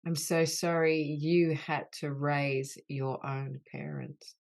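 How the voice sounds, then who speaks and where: A woman guides a healing session on an online group call, repeating gentle phrases. Her voice sits low with a gravelly fry, and she speaks in an unhurried, soothing way. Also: steady tone. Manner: slow, soothing, repetitive apology phrases. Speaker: soul mentor leading a healing call.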